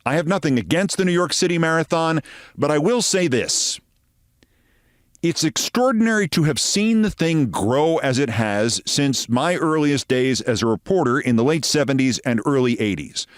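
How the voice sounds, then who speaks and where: Sardonic man in his sixties, lively delivery. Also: normal speed, dry recording, studio quality. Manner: sardonic, storytelling, theatrical swings in pitch. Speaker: host. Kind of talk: political commentary monologue.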